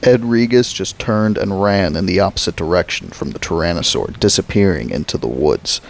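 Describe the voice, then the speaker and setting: A man reading a thriller novel aloud as a narrator, slow and dramatic. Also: sits low, low-quality recording. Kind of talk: audiobook narration.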